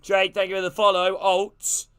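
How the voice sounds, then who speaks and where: A man streaming a live football watch-along, calling the play and greeting his chat in a casual, excitable way. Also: high voice, normal speed, clear, resonant tone. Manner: casual, greets chat between plays, gets loud and excited on attacks.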